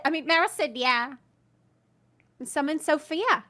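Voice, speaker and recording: A woman's voice: sits high, lively intonation, moderate pace, a bit bright. A woman who is a guest on a casual chat show, playful and teasing.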